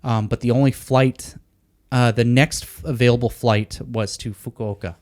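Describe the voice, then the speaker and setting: A man's voice: medium pitch, normal speed. A man in his thirties, a podcast co-host, telling a story in a casual chat and acting out the dialogue. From United States. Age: 30s. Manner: animated, acts out the dialogue of people in his story.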